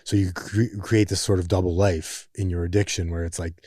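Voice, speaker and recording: A man hosting a podcast interview, speaking in a measured, reflective way about his own past. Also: deep voice, flat delivery, dark tone, no room sound, studio quality. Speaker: podcast host. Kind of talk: interview conversation.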